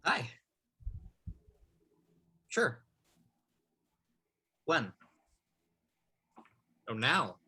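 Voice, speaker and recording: A man's voice: mid-range voice, big pitch swings, drawn-out words, long pauses, sharp tone, husky, exaggerated voice. A man reading the part of Matt, an earnest, charming blind male lawyer, in an amateur script table read.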